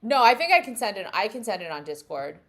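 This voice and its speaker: A woman's voice: medium pitch, big pitch swings, quick pace, a bit bright. A woman live-streaming in a casual, rambling way, laughing often and talking to her chat. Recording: music playing behind the voice.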